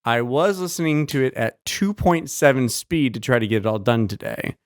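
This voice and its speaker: A man co-hosting a casual podcast, animated and swearing freely as he jokes with friends. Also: medium pitch, normal speed. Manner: animated, swears often, laughs a lot. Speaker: podcast co-host. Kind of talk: casual chat.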